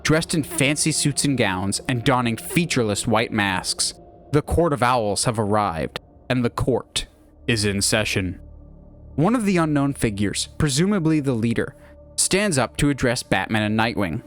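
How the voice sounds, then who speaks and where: Animated man pitching a story. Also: normal speed, faint music behind. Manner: animated, lively. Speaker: narrator pitching a movie idea. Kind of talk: enthusiastic story narration.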